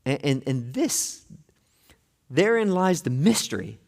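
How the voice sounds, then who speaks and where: A man preaching a sermon as pastor, earnest, moving between hushed and intense delivery, often repeating words as he starts a phrase. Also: fairly high pitch, very animated, unhurried, gravelly, long reverb tail. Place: church sanctuary.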